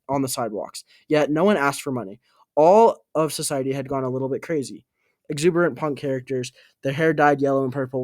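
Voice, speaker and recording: A man reading an audiobook aloud, halting and correcting his own slips. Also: mid-range voice, a little mellow, no echo, clean studio sound. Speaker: audiobook reader.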